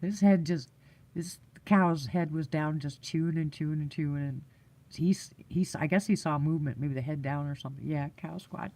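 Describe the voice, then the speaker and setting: A woman spins a long story in casual live chat, circling back with fillers and restarts and breaking into laughter. Her voice sits low and dark, with a soft, mellow tone. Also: moderate pace. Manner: rambling, laughs often, many fillers and restarts.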